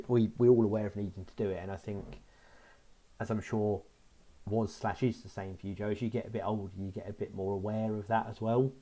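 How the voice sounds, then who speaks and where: Middle-aged podcast co-host, deep-ish warm voice, thinks out loud casually. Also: male voice. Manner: reflective, thinks aloud.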